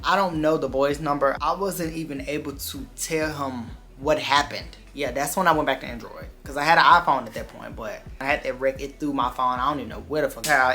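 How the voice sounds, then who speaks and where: A man vlogger telling a dramatic personal story in an animated, profane, emphatic way. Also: medium pitch. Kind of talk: storytime vlog.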